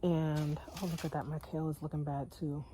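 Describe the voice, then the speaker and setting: Walking her backyard garden, a woman in her thirties who runs a homestead vlog talks casually to viewers, sighing and addressing them as y'all. She speaks low, flat and brisk, and background noise is audible.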